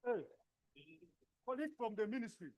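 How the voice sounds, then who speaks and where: A man with a Ugandan English accent, facilitating a workshop and sorting participants into groups with brisk instructions and frequent tag questions. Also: very high voice, expressive, darkish tone.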